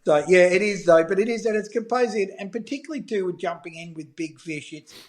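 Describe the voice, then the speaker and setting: A middle-aged Australian man telling fishing stories in a casual podcast chat, animated and swearing freely. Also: high-pitched, brisk. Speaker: guest, fishing filmmaker.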